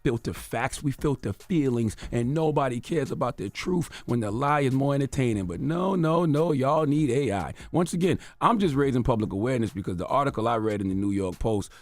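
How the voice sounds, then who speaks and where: A man's voice: mid-range voice, fairly quick, hardly any pauses, dry recording. A man hosting a radio show, delivering an emphatic, sarcastic commentary rant. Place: radio studio.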